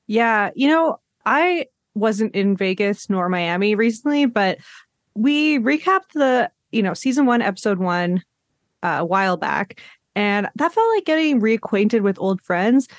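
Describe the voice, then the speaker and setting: A woman's voice: medium pitch, expressive, measured pace, dry recording, clean studio sound. Chatty young woman podcast host. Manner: chatty, self-deprecating, frequent "um" and "like". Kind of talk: casual chat. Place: her living room at home.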